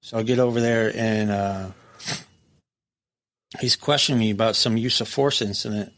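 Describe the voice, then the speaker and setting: A man's voice: lowish voice, moderate pace. A middle-aged man, a former prison captain, telling war stories in a casual interview, swearing freely and acting out the dialogue. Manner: animated, profane, acts out quoted dialogue.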